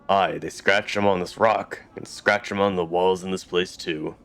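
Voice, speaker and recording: A man's voice: low voice, steady tone, moderate pace, a bit bright. A man voicing a plain-spoken male city local in a computer game, with folksy dialect phrasing. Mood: weary folksy.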